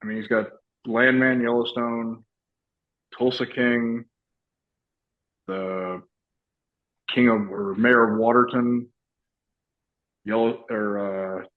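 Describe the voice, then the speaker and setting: A man's voice: mid-range voice, phone-quality sound. A middle-aged man, chatting as a guest in a casual interview and rambling through stories with lots of restarts and laughs. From Texas. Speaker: guest, actor and retired soldier.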